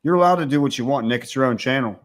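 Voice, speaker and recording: A man's voice: medium pitch, racing. Give me a crude, mocking livestream host, a man. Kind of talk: casual livestream rant.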